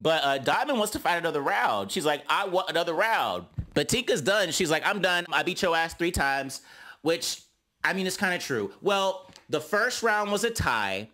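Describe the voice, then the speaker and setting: A man's voice: mid-range voice, bright, forceful tone. A man recapping a reality TV episode in casual, sassy commentary full of slangy asides.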